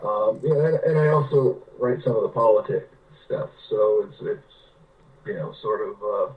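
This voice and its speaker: A man's voice: on the low side, normal speed, far from the mic, dull audio. Rambling storyteller man, off-mic. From California. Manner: rambling, anecdotal, many restarts. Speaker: guest, writer. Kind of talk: casual interview storytelling.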